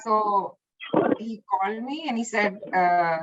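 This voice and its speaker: A woman guest chatting about memories of her teacher, animated and full of restarts. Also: medium pitch, slow pace, muffled recording, slight background noise. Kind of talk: casual spoken reminiscence.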